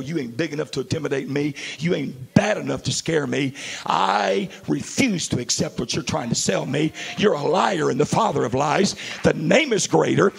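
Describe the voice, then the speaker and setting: A male pastor preaching a sermon in a large church, moving from hushed storytelling to shouted declarations. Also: a little high, creaky, slightly rough.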